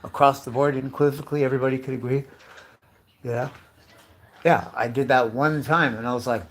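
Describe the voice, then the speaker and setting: A man's voice: mid-range voice, steady tone, a little fast, pauses often, a bit bright, slight background noise. Profane, rambling fifty-year-old man. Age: 50s. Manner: profane, chatty, full of rhetorical questions; calls listeners dude and bro. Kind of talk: rambling comic monologue.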